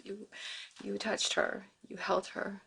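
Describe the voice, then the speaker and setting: An actress playing a wife torn between guilt and anger in a TV drama, speaking in a raw, emotional way. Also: female voice, medium pitch, little pitch movement, slow pace, gravelly, fairly bright tone, slightly rough, exaggerated voice. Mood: furious, hurt. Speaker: soap opera wife. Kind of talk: TV drama acting.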